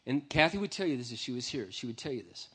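Animated bright-voiced man telling a story. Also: medium pitch, fast, husky. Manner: animated, humorous, self-deprecating storyteller. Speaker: Christian speaker. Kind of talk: personal testimony storytelling.

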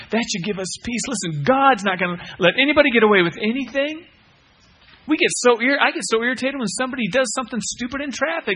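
A pastor with a high-pitched voice preaches a sermon, swinging between loud outbursts and hushed lines. He mixes in casual asides and pokes fun at himself.

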